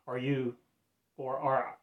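Man, self-appointed preacher, very slow delivery, rambling pleading sermon. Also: medium pitch, flat delivery, lo-fi sound. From Arkansas, USA. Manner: slow, pleading, loosely strung phrases. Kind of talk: rambling religious address.

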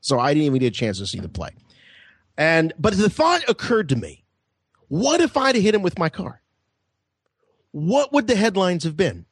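A male podcast co-host tells stories casually, his voice bouncing around a fairly high, lively range. He laughs easily and acts out other voices along the way. The sound is dry and close. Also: normal speed, pauses often, breathy edge, no room sound. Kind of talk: casual storytelling.

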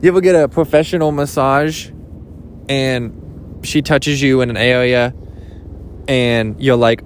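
A young man rambling jokily in a casual vlog, swearing now and then, his pitch jumping up when he gets excited. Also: a little slow, long pauses, slight background noise. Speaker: vlogger. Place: outdoors at a beach.

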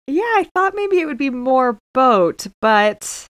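A woman's voice: high-pitched, sing-song, slow pace, no room sound. A woman talking in a casual podcast chat, working through her opinions thoughtfully and hesitantly, with many fillers. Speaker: podcast co-host or guest.

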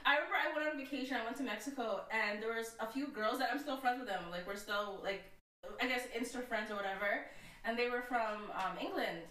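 A woman co-hosting a podcast in casual chat, playful and quick to laugh. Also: a little high, pushed and bright. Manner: playful, laughs often, drifts into jokey put-on voices. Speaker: podcast co-host. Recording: echoey room, a little far from the mic, faint noise.

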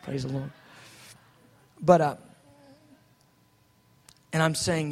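A man preaching a sermon, telling his story with animated swings from soft asides to loud outbursts. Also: fairly high pitch, a little slow, long pauses. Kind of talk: sermon testimony. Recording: long hall reverb.

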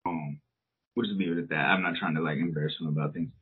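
Rambling, cussing dad with a husky voice. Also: male voice, a bass voice, steady tone, fast talker. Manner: rambling, profane, lots of fillers. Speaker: podcast co-host. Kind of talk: casual storytelling chat. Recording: tinny, phone-like sound.

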